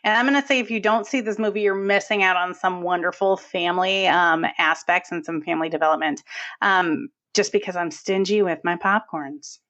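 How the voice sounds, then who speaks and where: A woman co-hosting a film podcast in casual chat, animated and acting out movie lines. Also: lowish voice, brisk, muffled recording. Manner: animated, acts out movie lines in character voices. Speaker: podcast co-host.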